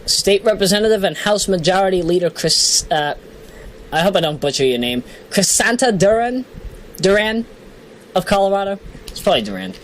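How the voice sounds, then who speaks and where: A woman talks through a list in a loose, casual vlog voice, her pitch bouncing around animatedly. She laughs at herself and apologizes for stumbling over names. A faint hiss sits under the voice. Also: lively intonation, a little fast, rough recording. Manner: chatty, self-deprecating, giggly, apologizes for mispronunciations. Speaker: vlogger. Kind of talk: casual solo commentary, reading down a list.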